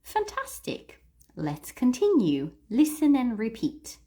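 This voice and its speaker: A woman teaching English in a livestream, coaching listeners to read aloud and repeat, stressing key words slowly and clearly. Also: mid-range voice, very animated, darkish tone.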